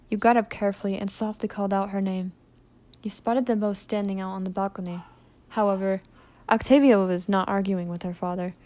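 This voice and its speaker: Calm woman narrating a listener drama. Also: mid-range voice. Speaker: voice actress narrator. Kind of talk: second-person listener audio drama narration.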